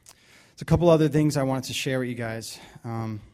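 A man's voice: medium pitch, moderate pace, darkish tone. A man leading a Bible study, preaching casually with many fillers and restarts. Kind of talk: casual sermon.

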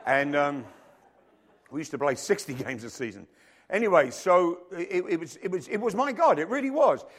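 A middle-aged male pastor preaching a sermon, reading scripture and telling jokey stories with loud acted quotes. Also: on the high side, lively intonation, moderate pace. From rugby-playing country, emigrated to Africa.

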